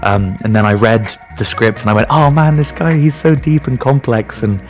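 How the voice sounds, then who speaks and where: A man, a voice actor, chatting in an interview, animated and self-mocking, laughing often as he tells stories. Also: medium pitch, normal speed, faint music behind. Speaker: voice actor guest. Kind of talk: casual interview chat.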